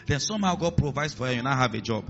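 Animated man preaching. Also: mid-range voice, rapid-fire, dull audio, soft background music. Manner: animated preaching, acts out voices in the stories, drops to a hiss for commands. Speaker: pastor. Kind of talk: sermon. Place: church hall with a congregation.

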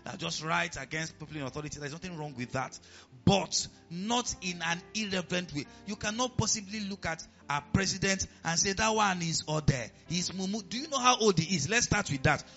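Nigerian pastor guy preaching, bright high voice, dull lo-fi sound w faint music behind. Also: brisk. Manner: animated preaching with questions to the congregation. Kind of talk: sermon.

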